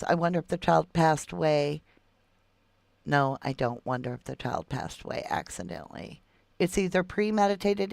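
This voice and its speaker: A middle-aged woman with a drawl talks in a low, gravelly voice. She reads viewer comments aloud on a livestream and answers them with folksy endearments. The mic is close and dry. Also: dry recording. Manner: chatty, calls viewers love and sweetheart. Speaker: true crime livestream host. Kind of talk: casual livestream chat reading viewer comments.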